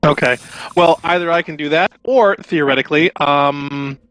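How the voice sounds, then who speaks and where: A man's voice: fairly high pitch, normal speed, a bit bright, no echo, low-quality recording. A man co-hosting a live game stream, joking around and reading out chat comments.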